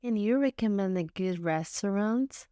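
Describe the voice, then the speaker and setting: Slow, crisp woman reading phrases. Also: medium pitch, animated, mellow, dry recording, studio quality. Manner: careful, deliberate enunciation with pauses. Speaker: English teacher.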